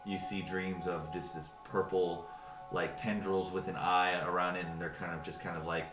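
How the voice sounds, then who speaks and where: Deep-voiced man running a tabletop game. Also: level tone, reverberant, over music. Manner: halting, many fillers and restarts. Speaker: game master. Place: home room, online session.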